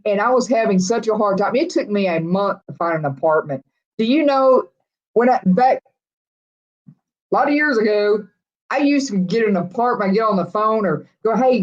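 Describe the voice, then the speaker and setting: A middle-aged woman with a Texas accent rambles through a casual live-stream chat, answering viewers as she goes. Her voice sits at an ordinary pitch, and the sound is a little dull and lo-fi. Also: darkish tone. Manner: rambling, chatty, reading out viewer comments. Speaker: vlog host chatting with live viewers.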